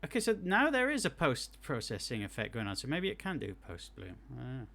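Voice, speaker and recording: A man plays and reviews small games on a live stream, talking through what he sees as he goes. His voice sits at an ordinary middle pitch. He chats loosely, restarts his sentences and drifts into technical notes on graphics. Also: huge pitch swings, fairly quick, gravelly, a bit bright. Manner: chatty, thinks aloud, with restarts; technical asides on game effects. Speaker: game streamer. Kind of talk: live gameplay commentary.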